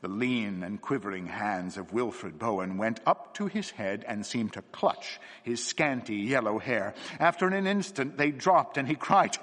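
Expressive storybook narrator, man, mid-pitched, lively intonation, roomy reverb. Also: a little slow, hardly any pauses. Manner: expressive, dramatic. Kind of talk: storybook reading for adults. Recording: long reverb.

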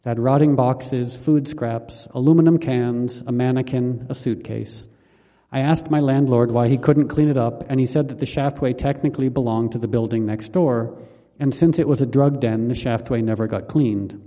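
A man reading his own memoir aloud in a calm, measured, wry manner. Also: medium pitch, in a large hall. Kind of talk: memoir audiobook narration.

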